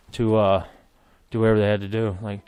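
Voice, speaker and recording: A man's voice: fairly low pitch, a little mellow, clear, resonant tone, no room sound. A man in his thirties telling war stories in casual podcast chat, rambling, laughing and swearing freely. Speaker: podcast guest, military veteran. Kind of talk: casual storytelling.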